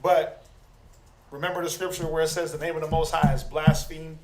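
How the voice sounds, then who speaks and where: Animated high-voiced man teaching scripture. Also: a little fast. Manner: animated, acts out quoted people, calls for responses. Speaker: Bible class teacher. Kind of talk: interactive scripture class. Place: room with class members. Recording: echoey room.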